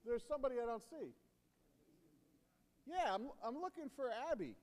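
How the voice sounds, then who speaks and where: A man with an extremely high, very animated, darkish voice speaks at normal speed as a deacon leading a playful children's sermon. He teases and coaxes the kids into answering in a church sanctuary, using a handheld or stand microphone amid long church reverb.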